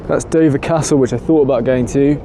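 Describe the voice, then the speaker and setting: A man's voice: medium pitch, steady tone, a little fast, mellow. Chatty man vlogging from his car. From England. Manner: chatty, self-deprecating, laughs at himself. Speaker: travel vlogger. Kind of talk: casual travel vlog. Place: in a car and outdoors on a ferry. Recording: noisy car and outdoor background. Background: car and traffic noise.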